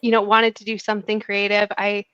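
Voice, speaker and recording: A woman's voice: medium pitch, completely flat delivery, a little fast, fairly bright tone, smooth, no room sound. Giggly woman guest, dull dry sound. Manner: giggly, friendly, rambling storyteller. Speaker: interior designer, guest. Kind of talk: casual interview chat.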